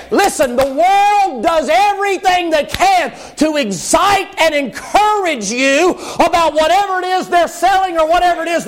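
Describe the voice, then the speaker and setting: Hollering high-voiced preacher. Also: male voice, a bit bright. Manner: hollering, fervent, folksy. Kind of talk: fiery revival sermon.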